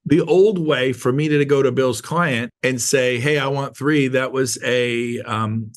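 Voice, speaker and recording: A man's voice: medium pitch, steady tone, slow. A middle-aged man hosting an online training call, talking emphatically, repeating his points and putting questions to his audience. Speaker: host of an online real estate training call. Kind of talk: coaching talk on a video call.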